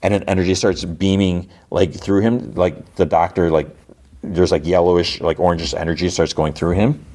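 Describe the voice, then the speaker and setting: A man's voice: sits low, level tone, normal speed, a little mellow. A podcast host, a man, casually recapping a TV episode in a rambling way, full of "like" and restarts.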